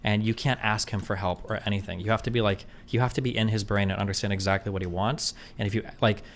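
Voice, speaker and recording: A man's voice: lowish voice, steady tone, fast talker, a little hiss or hum. A man chatting casually with viewers, answering their questions in a blunt, profane, rambling way with lots of fillers. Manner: reads viewer questions aloud. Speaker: streamer answering chat questions. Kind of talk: casual chat.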